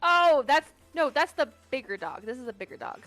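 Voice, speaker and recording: A woman's voice: high-pitched, lively intonation, a little fast, fairly bright tone, faint music behind. A woman co-hosting a trivia stream in casual chat, rambling and self-deprecating, often giggling.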